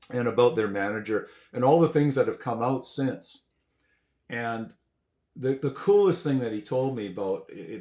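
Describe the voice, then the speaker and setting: Older man telling animated stories, roomy sound. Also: fairly low pitch. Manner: animated, swears, acts out quotes and sounds. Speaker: guest musician. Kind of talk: casual storytelling. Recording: roomy echo.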